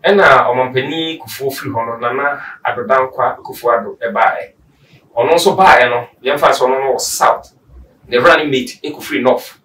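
Ghanaian male commentator, mid-pitched, long reasoned takes, distant roomy sound. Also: moderate pace, pushed and bright. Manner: lengthy, reasoned explanations mixing in English. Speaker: social commentator guest. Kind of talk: explaining political views in chat.

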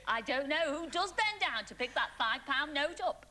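A woman's voice: high-pitched, lively intonation, normal speed. A woman hosting a TV dating show in a studio, chatty and teasing, laughing often with the audience. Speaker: game show host. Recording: old broadcast with loud audience noise. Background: audience cheering and laughing.

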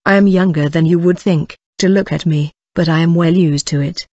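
A reader voicing a desperate young woman of the streets, in the same steady, even tone as the narration. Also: medium pitch, moderate pace, no echo, lightly acted. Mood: anguished. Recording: dull lo-fi dry audio.

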